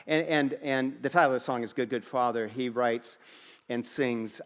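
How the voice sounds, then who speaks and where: A middle-aged man preaching a sermon as a pastor, telling a story with humor and lively restarts. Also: medium pitch, moderate pace. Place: large church auditorium. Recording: long reverb of a church hall.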